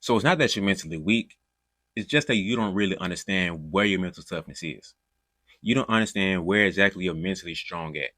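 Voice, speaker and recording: A man's voice: deep voice, pushed and bright, no room sound, clean studio sound. A man hosting a podcast, talking casually and directly to listeners in slangy words. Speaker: podcast host. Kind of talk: podcast talk and self-promotion.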